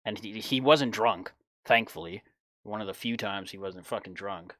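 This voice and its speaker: A young man in his twenties tells a long personal story in a blunt, animated way, with plenty of swearing. His voice sits a bit low, and the recording is dry and close with no room sound. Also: moderate pace, no room sound. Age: 20s. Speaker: podcast host. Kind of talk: casual storytelling chat.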